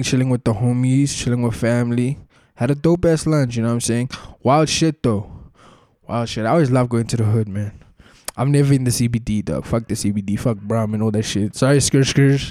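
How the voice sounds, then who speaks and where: A man's voice: medium pitch, mellow, dry recording, studio quality. A young man hosting a solo podcast, telling stories in a laid-back, slang-heavy way with constant filler tags. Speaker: podcast host. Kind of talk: casual solo podcast chat.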